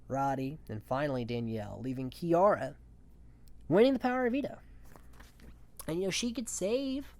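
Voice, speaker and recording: A man's voice: on the high side, a little mellow. A man talking casually and offhandedly as a recap host, swearing freely and chuckling often between points. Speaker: reality show recap host.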